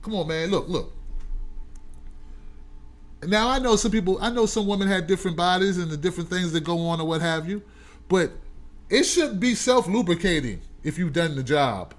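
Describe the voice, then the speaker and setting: A man with a high, bright voice hosts a casual live stream and talks straight to his viewers. His delivery is loud and animated, full of joking, preachy asides. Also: moderate pace, long pauses. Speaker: host.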